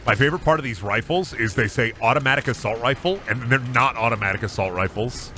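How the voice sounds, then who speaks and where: A man's voice: medium pitch, fast talker, bright, forceful tone, slight background noise. A male streamer giving casual gaming commentary, rambling and swearing freely.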